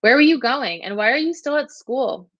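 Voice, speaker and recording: A woman's voice: sits high, expressive, moderate pace, fairly bright tone, dry recording, lo-fi sound, pitched above the performer's own voice. A woman voicing a friendly, teasing teenage boy. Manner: teasing, casual.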